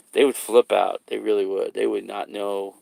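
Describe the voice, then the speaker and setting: A man's voice: lowish voice, vocal fry, a little mellow, no echo. A man chatting casually for his vlog, rambling loosely, swearing and laughing at his own jokes. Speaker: vlogger.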